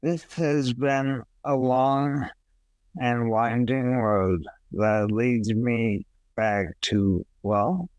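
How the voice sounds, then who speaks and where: A man who survived a stroke, reading his story aloud in a measured, reflective and uplifting way. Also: medium pitch, steady tone, a little mellow, clean tone, no echo, muffled recording.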